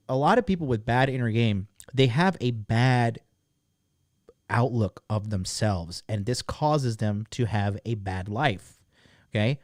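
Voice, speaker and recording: This man in his thirties has a fairly low voice and hosts a podcast in clean studio sound with no room noise. He casually promotes a course in a monologue, swearing a lot, speaking bluntly with animated emphasis and many "like" fillers.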